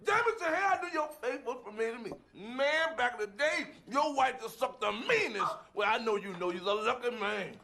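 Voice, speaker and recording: A man's voice: very high voice, lively intonation, a little fast, creaky, few pauses, sharp tone, full character voice. A man in a comedy clip, gleefully jeering and teasing.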